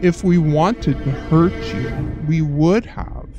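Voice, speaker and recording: A woman voicing an eerie black-eyed boy who speaks with slow, smooth menace. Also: deep voice, muffled recording, over music, voice pushed down. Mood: eerie calm.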